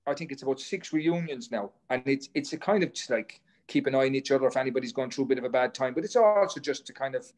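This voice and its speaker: A man's voice: mid-range voice, animated, fast talker, hardly any pauses, darkish tone. A man, a former runner, telling rambling stories as a podcast guest, swearing casually and restarting his sentences. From Ireland. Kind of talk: casual storytelling chat.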